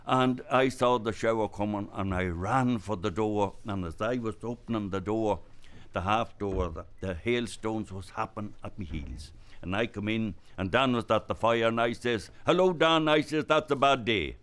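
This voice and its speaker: An older man with a Donegal Irish accent telling a traditional story live. He talks in a lively way and acts out voices and gestures. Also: lowish voice, normal speed, smooth. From Ireland, Inishowen area.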